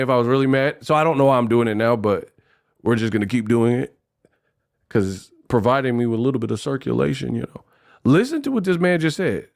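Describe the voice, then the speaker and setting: A man hosting a casual livestream, talking in a lively way, rapping short rhymes and reading donation messages aloud. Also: fairly high pitch. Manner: animated, freestyles rhymes, reads donations aloud. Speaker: livestream host.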